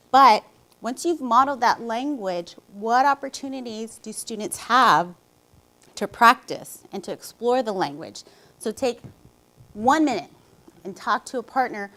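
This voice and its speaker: A woman educator with a slightly higher voice co-leading a teacher workshop. She shares a classroom story, then turns to the audience with a discussion prompt. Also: lively intonation, normal speed, pushed and bright, poor audio. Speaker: educator co-presenting at a teacher training. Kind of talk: presentation to teachers.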